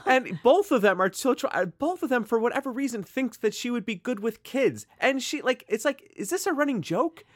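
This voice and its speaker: A man's voice: extremely high pitch, very animated, brisk, few pauses, no echo. A man co-hosting a podcast in casual chat, joking and talking with emphatic energy. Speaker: podcast co-host.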